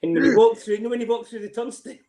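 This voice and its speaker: A man's voice: extremely high pitch, very fast, roomy sound, a crowd in the background. A middle-aged Scottish man telling stories in a podcast chat, laughing a lot and swearing freely. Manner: animated storyteller, laughs often, swears freely. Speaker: podcast guest. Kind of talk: casual chat.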